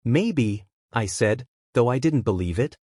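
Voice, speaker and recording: A man telling a first-person story in a measured, reflective voice, steady from line to line. His pitch sits in a middling range, and the sound is dry and close. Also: dry recording.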